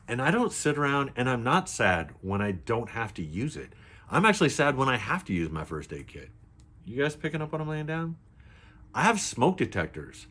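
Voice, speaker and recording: An older man who makes preparedness videos talks casually to camera, blunt and chatty, frequently checking that viewers are following. His voice is on the low side with a slightly bright quality.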